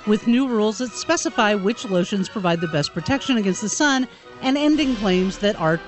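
A woman co-hosting a radio talk show, joining the banter and reading a news segment. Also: mid-range voice. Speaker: radio co-host and news reader.

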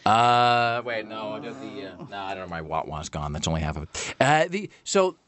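A man's voice: lowish voice, animated, normal speed, a bit bright, no echo. A man hosting a radio talk show, chatting and joking with many fillers and restarts into a close studio mic.

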